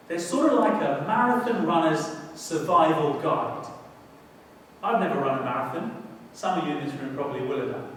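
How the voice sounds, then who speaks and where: A man preaching a sermon in a church hall, speaking conversationally and then bursting into loud emphasis. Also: fairly high pitch, slight background noise. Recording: echoey hall, mic at a distance.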